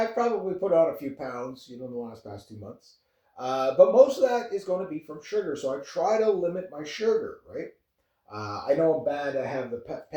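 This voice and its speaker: A man's voice: medium pitch, dark tone. A Canadian man in his fifties with a laid-back, rambling way of talking, chuckling often as he chats casually to camera. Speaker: vlogger. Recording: echoey room, far from the mic.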